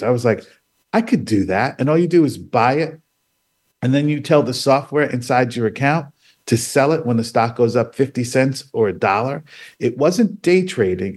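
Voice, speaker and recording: A man of ordinary pitch tells his own story as a radio guest. He brings it to life by acting out the people he quotes. His voice lifts sharply whenever he plays himself getting excited. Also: slightly rough.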